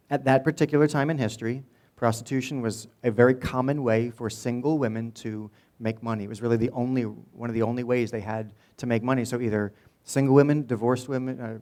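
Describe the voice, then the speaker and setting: A man's voice: medium pitch, mellow. A middle-aged man preaching a sermon as pastor, telling a Bible story in a casual, joking way and acting out the people in it. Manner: casual, joking storyteller who retells Bible scenes in voices.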